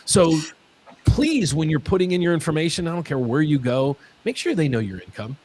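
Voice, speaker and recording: A man hosting a mortgage Q&A stream, talking in an excitable way and often repeating his words. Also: a little high, a little fast. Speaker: mortgage lender host.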